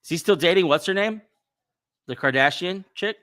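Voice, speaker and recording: A man's voice: high-pitched, lively intonation, normal speed, sharp tone. A man hosting a casual livestream podcast, chatting in a rambling way with lots of fillers and restarts. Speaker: podcast host.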